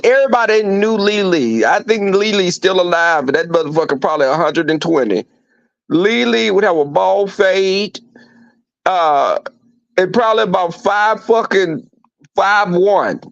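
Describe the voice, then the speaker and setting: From home, a livestream host tells his viewers campy, profane stories with lots of animation in a casual chat. He speaks at a moderate pace in a high-pitched voice with no echo. The recording sounds dry, dull and lo-fi.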